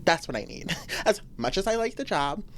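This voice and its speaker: A young woman hosts a casual solo podcast, venting animatedly and laughing often, her voice swinging up into high exclamations. She speaks at normal speed with slight background noise.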